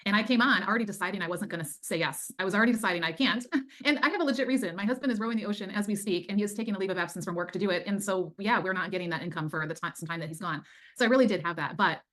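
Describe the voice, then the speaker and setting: Fast-talking earnest woman coach. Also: mid-range voice, a bit bright. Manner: earnest, fast, faith-filled storytelling. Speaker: guest, time management coach. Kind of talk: casual interview chat.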